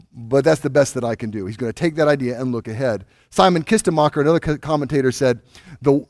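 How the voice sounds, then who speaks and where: A man's voice: a little high, darkish tone, no room sound. Conversational preacher, man, dry sound. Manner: conversational teaching with many restarts, rising intensity. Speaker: pastor. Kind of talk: sermon.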